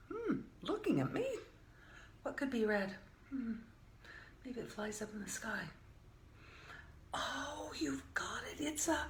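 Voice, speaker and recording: An older woman reading a picture book aloud to young children, gentle and playful, often dropping to a soft whisper. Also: a little high, gravelly. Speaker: children's storyteller. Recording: echoey room with faint hiss.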